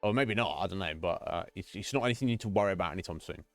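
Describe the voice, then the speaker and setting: A man streaming a game, chatting casually in a rambling, halting way and often laughing. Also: deep voice, gravelly, no echo, soft background music.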